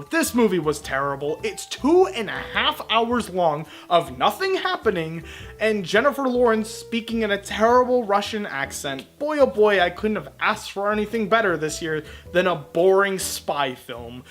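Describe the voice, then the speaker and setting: A man's voice: high-pitched, a bit bright. Sarcastic man ranting about movies. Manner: sarcastic, blunt, exasperated. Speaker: movie reviewer.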